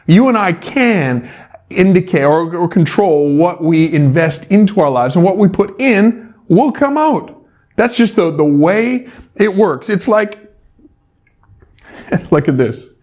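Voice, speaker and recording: Guy preaching a chatty sermon, a bit high voice, playful and easygoing. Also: lively intonation, slow pace, darkish tone. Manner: conversational, playful, uses props. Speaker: pastor.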